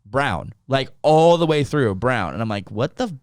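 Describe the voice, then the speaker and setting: A man co-hosting a podcast, telling stories in casual chat with lots of swearing and animated retelling. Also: mid-range voice, a little slow, clear, resonant tone, no echo, clean studio sound. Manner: profane, animated storytelling. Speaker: podcast co-host.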